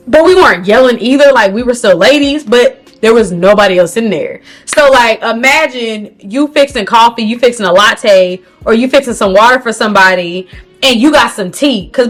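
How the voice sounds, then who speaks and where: A young woman with a fairly high voice tells a storytime straight to her camera. She talks in a lively, slangy way and swings her pitch up and down. Faint music plays behind her. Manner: animated, slangy, talks to viewers as "girl". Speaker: beauty vlogger. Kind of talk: storytime vlog.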